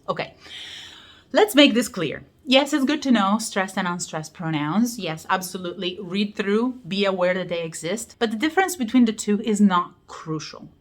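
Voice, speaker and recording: An Italian-accented woman explains grammar to learners in a lively teaching voice. She stresses key words and slows right down on example phrases so they can be followed. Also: medium pitch. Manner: lively, emphatic teaching with slow spelled-out examples. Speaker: language teacher.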